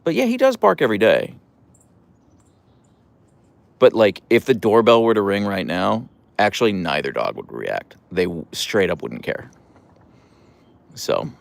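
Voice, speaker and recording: A man's voice: sing-song, measured pace, gravelly, pauses often, no echo. A man chatting casually on a live stream about his dog, rambling and self-deprecating. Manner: high cooing baby talk to his dog.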